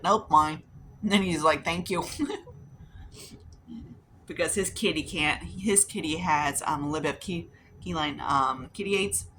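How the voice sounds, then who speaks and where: Bright-voiced chatty woman vlogger. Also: sits low, moderate pace, slight background noise. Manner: rambling, chatty, acts out quoted voices, swears casually. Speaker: beauty vlogger. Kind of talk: casual chatty storytelling while doing makeup.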